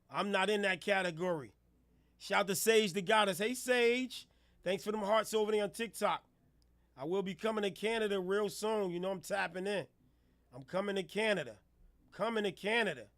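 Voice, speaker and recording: A middle-aged man from New Jersey hosting a live hip hop radio stream, firing off hype shout-outs in street slang. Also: sits high, no room sound. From New Jersey, USA. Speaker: radio host reviewing music. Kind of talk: hype livestream radio talk.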